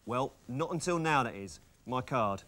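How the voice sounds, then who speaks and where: A man playing a smooth-talking salesman with deadpan asides in a sitcom. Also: mid-range voice, normal speed. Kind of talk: sitcom comedy acting.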